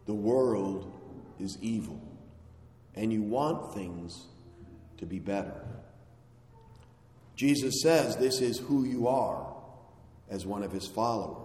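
A man delivers a sermon at an unhurried, deliberate pace, pressing hard on key words and letting phrases fall at their ends. His voice sits at an ordinary middle pitch. It rings out in a very echoey hall with a long reverb tail. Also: darkish tone. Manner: slow, emphatic delivery with falling phrase endings. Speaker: preacher.

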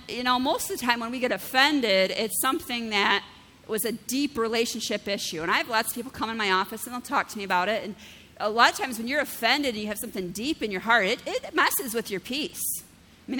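A woman's voice: fairly high pitch, animated, brisk, bright, forceful tone, in a large hall. A woman pastor preaching a conversational sermon, often checking in with "right?" and using vivid everyday examples. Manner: conversational, keeps asking "right?".

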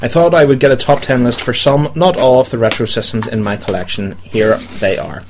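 A man's voice: mid-range voice, fairly quick, a little mellow, a little hiss or hum. A man hosting a casual podcast chat, rambling and hesitant with many ums while reading a list. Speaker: podcast host.

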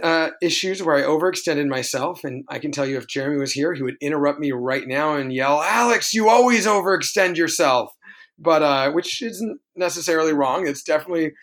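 A man's voice: on the high side, a bit bright. A man co-hosting a podcast, recounting a tabletop wargame in a rambling, self-correcting way. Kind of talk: casual podcast chat.

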